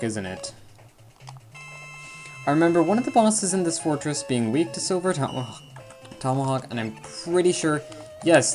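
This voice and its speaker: A man's voice: medium pitch, a little mellow. A man giving casual, rambling commentary over a video game he is playing, with self-deprecating jokes and frequent asides. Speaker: let's play commentator. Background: faint game music.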